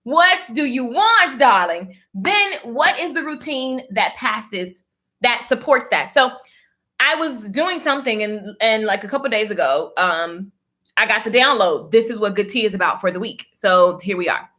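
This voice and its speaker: Lively bright-voiced woman live-stream host. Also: medium pitch, normal speed. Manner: animated, preachy, calls viewers darling. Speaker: livestream host. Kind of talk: motivational live-stream chat.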